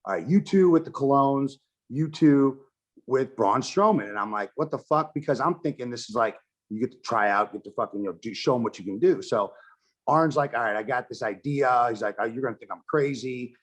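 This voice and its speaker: A man's voice: medium pitch, brisk. A man telling a story in a casual podcast chat, swearing freely and acting out what people said. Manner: animated, swears constantly, acts out quotes. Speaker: podcast guest, wrestler and filmmaker.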